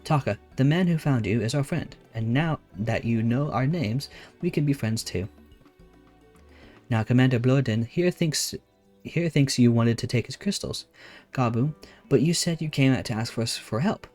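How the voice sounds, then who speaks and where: A man voicing a formal, earnest young male scholar in a game, with measured, careful speech. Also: medium pitch, darkish tone, faint music behind, natural voice.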